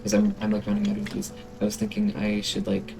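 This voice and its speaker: A man's voice: high-pitched, big pitch swings, quick pace, gravelly, over music, low-quality recording. A man streaming a game, chatting casually and enthusiastically with lots of fillers.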